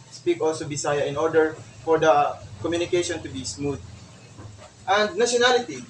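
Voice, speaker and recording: A young man with a Filipino accent giving a class report, explaining each point slowly with examples and many fillers. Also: a little high, a bit bright. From Philippines. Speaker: student reporter. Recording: roomy, from far off, faint noise.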